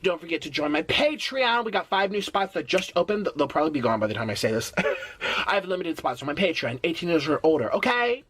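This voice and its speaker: A man talking casually to camera as a YouTuber, animated and playful, slipping into silly rhymes and sing-song repeats. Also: on the high side, fast.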